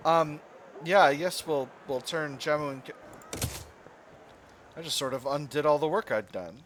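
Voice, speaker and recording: A man's voice: a little high, moderate pace, background noise. A man hosting a gaming channel, musing and rambling with fillers as he comments on a strategy game.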